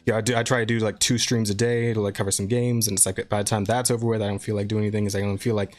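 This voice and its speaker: A man's voice: lowish voice, little pitch movement, very fast. A man co-hosting a podcast, chatting loosely and rambling, with casual swearing.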